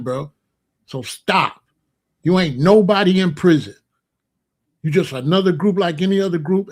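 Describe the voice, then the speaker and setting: Gravelly man ranting in blunt street slang. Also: on the high side. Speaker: commentary streamer. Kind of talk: heated streaming commentary.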